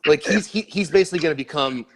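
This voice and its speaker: A man talking casually on a podcast panel, animated and joking, often stammering and restarting his sentences. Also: on the high side, fast. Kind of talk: casual sports-podcast chat.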